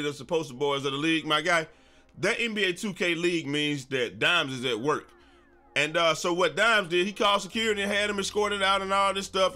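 A man hosting a casual gaming news vlog, talking in an energetic, slangy, sing-song way. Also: on the high side.

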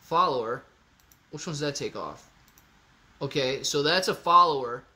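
A man of medium pitch, talking at normal speed, hosts a relaxed livestream Q&A. He reads viewer comments aloud, gets excited, thinks as he speaks and repeats himself.

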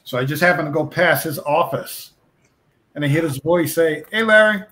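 A man's voice: on the high side, normal speed, a little hiss or hum. Storytelling man with a raised voice. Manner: animated anecdote teller, acts out quoted voices. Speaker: guest comic artist. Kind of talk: casual storytelling chat.

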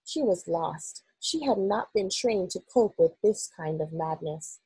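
Expressive woman reading a storybook aloud. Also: lowish voice, measured pace, slightly rough, no echo, rough recording. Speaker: reader for school children. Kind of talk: reading a children's novel aloud.

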